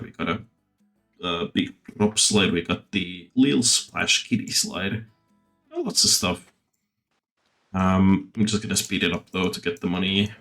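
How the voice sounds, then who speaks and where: A man's voice: low voice, a bit bright. A man streaming a theme-park building game, chatting casually with lots of fillers and the odd swear. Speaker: gaming streamer. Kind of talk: casual gameplay commentary. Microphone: desktop mic.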